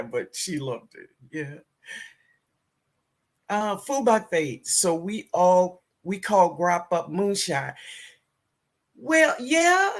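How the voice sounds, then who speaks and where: A woman with a New Orleans accent hosting a casual livestream, greeting viewers warmly and chatting with frequent laughs. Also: low-pitched. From southern United States. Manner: warm, chatty, calls viewers baby, laughs often. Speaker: gardening livestream host. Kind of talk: casual live-stream chat greeting viewers.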